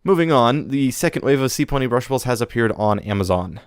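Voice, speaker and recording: A man's voice: mid-range voice, animated, fast, clear, resonant tone, no echo, clean studio sound. A man co-hosting a podcast, running through toy news in a casual chat and slipping in puns. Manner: reads news items, jokey puns. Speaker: podcast co-host.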